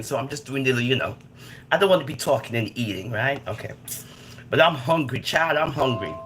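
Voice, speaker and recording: Jamaican woman, livestream host, lively swinging delivery, bright edge. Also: slight background noise. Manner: animated, scolds viewers in patois, swooping pitch. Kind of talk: casual live stream chat.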